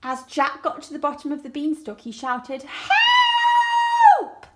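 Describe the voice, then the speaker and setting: Her voice is high-pitched and steady, with loud music playing behind it. This woman, a primary school teacher, reads a story to young children slowly and clearly and asks them questions along the way.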